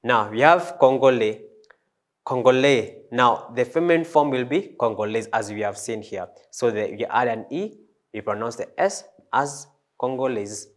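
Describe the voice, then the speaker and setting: A man teaching a French language lesson, slow and hesitant, with many fillers and restarts. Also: medium pitch, expressive. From East Africa. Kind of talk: classroom lesson.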